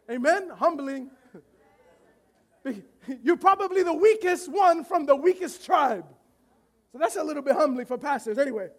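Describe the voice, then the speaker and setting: A pastor delivers a sermon in an extremely high voice, animated and frequently shouting and laughing. He acts out the voices of characters from the story.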